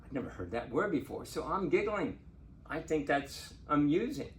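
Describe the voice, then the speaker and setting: An older man, a lawyer, telling a true personal story in a chatty, animated way and laughing now and then. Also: a little high, normal speed. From Portsmouth, Virginia. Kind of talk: casual spoken storytelling.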